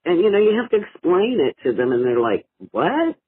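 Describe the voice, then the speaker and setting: An older man from Ohio leaving a laid-back, rambling voicemail, full of drawn-out uhs and small laughs. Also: fairly high pitch, sing-song, breathy edge, no echo, narrow, tinny audio. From Ohio, USA. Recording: phone voicemail.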